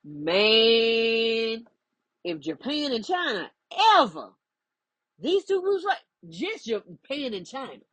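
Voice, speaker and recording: A woman's voice: a little high, very animated, slow, fairly bright tone, husky, no room sound, rough recording. A woman, speaking as a spiritual life coach in an emphatic, preachy monologue. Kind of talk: direct-to-camera monologue.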